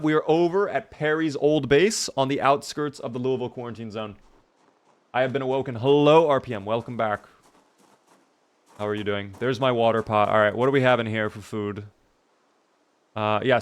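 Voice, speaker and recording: A man's voice: mid-range voice, moderate pace, pauses often. A man streaming a video game live, chatting casually and answering viewer messages as he plays.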